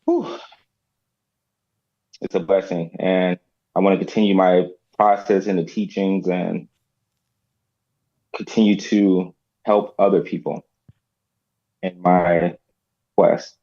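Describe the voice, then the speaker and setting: A man in his forties speaking reflectively and haltingly in casual talk. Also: low-pitched, little pitch movement, dark tone, highs cut off. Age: 40s. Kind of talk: casual chat.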